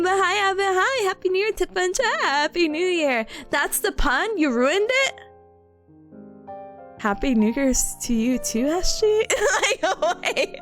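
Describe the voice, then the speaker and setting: Woman, American, livestreamer, casual chat, giggly, very lively pitch. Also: moderate pace, soft background music. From United States. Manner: bubbly, giggly, greets chat by name.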